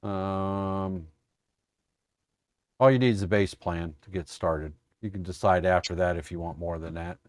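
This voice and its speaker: A man's voice: low-pitched, steady tone, measured pace, no echo, studio quality. A man hosting a casual trading stream, joking and teasing his viewers. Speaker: trading coach host. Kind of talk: casual live-stream chat.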